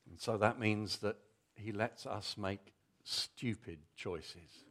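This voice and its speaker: A man's voice: fairly low pitch, takes it slowly, a bit bright. A middle-aged man preaching a Father's Day family sermon, telling a story vividly and coaxing children to act it out.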